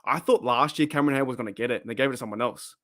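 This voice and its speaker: A man's voice: mid-range voice, very fast, a bit bright, no echo, studio quality. Rambling man in his thirties. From Australia. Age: 30s. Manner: rambling, repeats himself, swears casually. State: voice wearing thin. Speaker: livestream host. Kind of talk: casual livestream chat reading comments.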